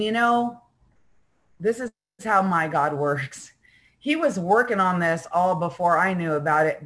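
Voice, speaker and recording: Woman, middle-aged, personal testimony, heartfelt, halting delivery. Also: lowish voice, fairly bright tone, poor audio. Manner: heartfelt, halting, with many fillers and restarts. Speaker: speaker sharing recovery story.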